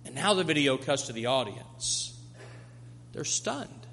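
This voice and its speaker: A man's voice: medium pitch, sing-song, a little slow, gravelly, a bit bright, a little hiss or hum. A male pastor delivering a sermon, preaching with emphatic repetition to a congregation. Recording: long hall reverb.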